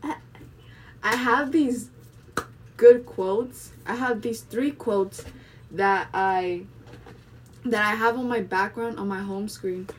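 A woman's voice: medium pitch, slow, long pauses. A young woman talking casually to camera, chatty and rambling, with fillers in nearly every phrase. Her voice sits a little back from the mic, with a faint hiss of background noise behind it. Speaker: vlogger. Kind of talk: casual monologue vlog. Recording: voice a bit distant from the mic.

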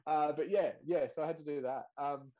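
A man's voice: fairly high pitch, steady tone, a little fast, dark tone, dull audio. A man with an Australian accent, a podcast guest telling his story candidly in casual conversation and laughing easily.

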